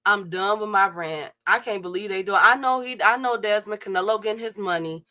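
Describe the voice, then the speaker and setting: Young woman streamer, bright voice, animated slangy rant to her viewers. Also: mid-range voice, a little fast. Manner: animated, talks straight to her chat viewers, blunt and slangy. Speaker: boxing livestream host. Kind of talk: casual livestream rant.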